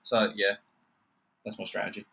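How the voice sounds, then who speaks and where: A man's voice: lowish voice, monotone, normal speed, gravelly, bright, forceful tone. An Australian man, a guest on a video call, ranting in casual chat, swearing freely and mocking others with put-on quotes.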